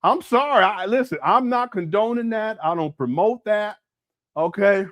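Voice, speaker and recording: A giggly, rambling man hosts a casual livestream, talking with his chat in a high, very animated voice. He keeps laughing and breaking into bits of song. The sound is close and dry. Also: normal speed, dry recording. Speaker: livestream host. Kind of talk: casual live-chat commentary.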